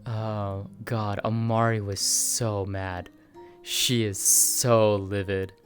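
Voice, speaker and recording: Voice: low voice, takes it slowly, faint music behind. A player chatting casually after a role-play session, retelling scenes with laughter and acting out what other characters said, speaking into a headset. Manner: animated storyteller, acts out quoted lines, laughs often.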